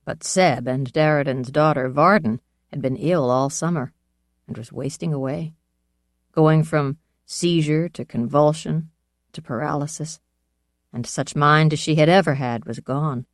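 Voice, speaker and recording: An audiobook narrator reading a first-person fantasy novel in a measured, even storytelling manner. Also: medium pitch, dry recording, clean studio sound.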